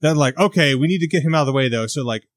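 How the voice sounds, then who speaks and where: A man on a podcast mic, his voice a little higher than most men's, tumbling through loose, self-interrupting thoughts about a movie. The sound is dry and close. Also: rapid-fire, dry recording. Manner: rambling, self-interrupting, acts out quotes. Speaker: podcast co-host. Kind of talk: casual chat, film review.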